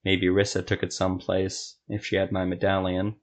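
A man voicing a wary, gruff male monster hunter in a fantasy audio story, speaking tersely. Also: low-pitched, monotone, normal speed. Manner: terse, snarling.

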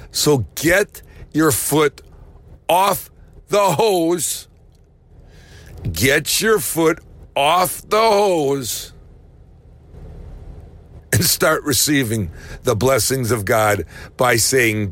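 A man preaching a sermon, animated, rising to shouts and slowing down hard on key phrases. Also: on the high side, no echo.

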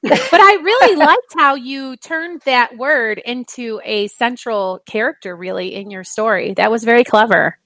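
A woman's voice: a little high, a little slow, a bit bright, no echo. A woman co-hosting a writing podcast, chatting casually, encouraging and laughing often. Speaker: podcast co-host. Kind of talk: casual chat.

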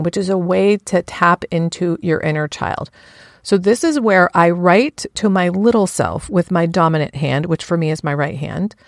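A woman's voice: fairly low pitch, no echo, clean studio sound. A woman giving a frank, earnest self-help talk about her own practices, with casual swearing.

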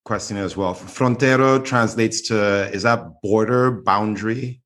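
A man, a podcast panelist, speaking in a relaxed way with frequent pauses. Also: lowish voice. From Trinidad and Tobago. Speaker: podcast panelist, writer and teacher. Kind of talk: casual podcast chat.

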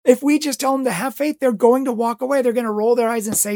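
A man's voice: very high-pitched, steady tone, fast, few pauses, darkish tone, no room sound, studio quality. A man who teaches religious education tells a story with passionate pleading and acts out voices. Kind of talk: impassioned storytelling talk.

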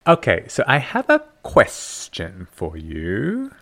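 Animated accented man rambling crude stories. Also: fairly low pitch, slow pace. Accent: non-native English. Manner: rambling, crude storytelling with frequent laughs. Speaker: podcast co-host. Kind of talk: casual comedic chat.

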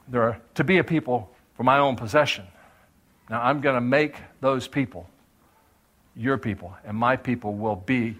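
A man preaching a sermon, shifting between lively teaching and lowered, voiced quotes. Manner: animated preacher, voicing God and doubters in lowered tones. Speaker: pastor.

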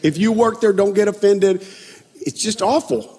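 A man's voice: high voice, moderate pace, noisy background. A middle-aged man preaching a sermon, telling a self-deprecating story in a conversational, storytelling way. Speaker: pastor. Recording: long reverb of a large hall.

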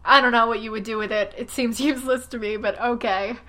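A woman's voice: on the high side, fairly even intonation, fairly quick, pushed and bright. A woman hosting a casual solo podcast, chatty and sarcastic with lots of fillers and self-deprecating asides. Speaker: blogger and podcast host. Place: home room, typing audible.

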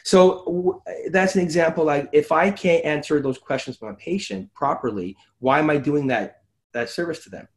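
A man, a physiotherapist hosting a casual podcast chat, animated and acting out his talks with patients. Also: fairly high pitch, normal speed. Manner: animated, acts out conversations with patients.

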